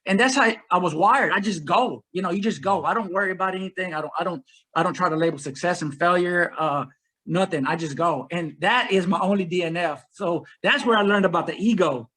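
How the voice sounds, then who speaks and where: Husky high-voiced man telling stories. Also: fairly quick, rough recording. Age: 40s. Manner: rambling, energetic storytelling with repeated phrases. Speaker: ultrarunner guest. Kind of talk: casual interview conversation.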